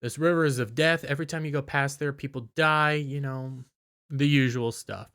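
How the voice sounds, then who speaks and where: A man's voice: medium pitch, fairly even intonation, fairly bright tone, clear, resonant tone. Rambling tired man recapping a show. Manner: rambling, halting, with restarts and filler. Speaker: video reviewer. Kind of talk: casual spoken episode recap.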